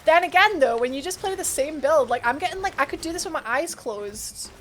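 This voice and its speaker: Her voice sits high and sounds expressive and a bit bright, moving fairly quickly, with a little hiss or hum underneath. Streaming a game live, she talks with viewers and reasons out loud as she plays, frequently breaking into laughs and gasps.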